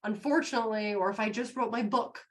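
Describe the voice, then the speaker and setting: A woman co-hosting a live business show, giving an upbeat, encouraging motivational talk to an online audience. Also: quick pace. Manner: upbeat and encouraging, bursts high acting out quotes.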